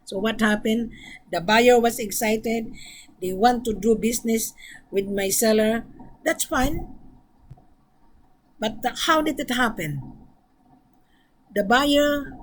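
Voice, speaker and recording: A woman with a slightly high voice delivers a business monologue as a gold trade broker. She is blunt and frank, scolding her listeners without softening anything. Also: slow pace, long pauses, slight background noise, poor audio. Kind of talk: direct-to-camera business monologue.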